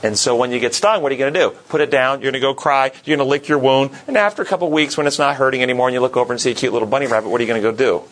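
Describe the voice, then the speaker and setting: A man's voice: mid-range voice, very fast, hardly any pauses, fairly bright tone, rough recording. A man leading a Bible study class, earnest, asking the group questions and repeating words for emphasis.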